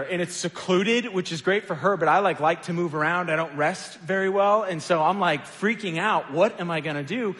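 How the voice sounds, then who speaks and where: A man's voice: high voice, fairly quick, hardly any pauses, fairly bright tone. A man giving a casual sermon, telling stories about himself with a light self-deprecating touch and plenty of filler words. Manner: conversational, self-deprecating storytelling with many fillers. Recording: echoey hall with long reverb.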